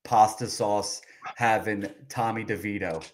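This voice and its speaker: A man's voice: lowish voice, fairly even intonation, measured pace, a crowd in the background. A man co-hosting a podcast over a video call, talking in a level, matter-of-fact way and pushing back on his partner. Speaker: podcast co-host. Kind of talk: casual sports chat.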